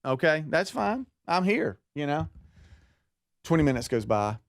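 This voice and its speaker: Man telling a lively story. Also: fairly high pitch, measured pace, no echo, studio quality. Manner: acts out family members' voices in a story. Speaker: podcast co-host. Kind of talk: animated storytelling on a live talk show.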